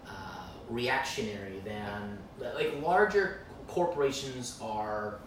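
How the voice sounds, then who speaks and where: A man hosting a casual podcast, talking in an animated, swearing manner. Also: medium pitch, slow, far from the mic, slight background noise. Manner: animated, swearing, laughing often. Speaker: podcast host. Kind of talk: casual chat. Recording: echoey room, off-mic.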